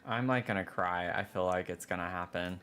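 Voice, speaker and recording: A man's voice: low voice, fairly quick, a bit bright. A man casually chatting through a building game on a livestream, complaining about bugs and groaning when things go wrong. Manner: chatty, frustrated, prone to dramatic groans. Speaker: game streamer.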